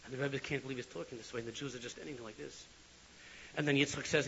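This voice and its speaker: A man giving an animated sermon full of storytelling, on a lo-fi recording with faint hiss. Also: mid-range voice, fast, vocal fry. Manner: animated, swinging from loud to hushed. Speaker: religious speaker.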